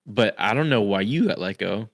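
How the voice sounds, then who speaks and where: A man in his thirties with a low voice who co-hosts a casual podcast. He teases his friend and laughs easily, and he keeps the talk relaxed. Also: normal speed. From Texas. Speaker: podcast co-host. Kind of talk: casual chat.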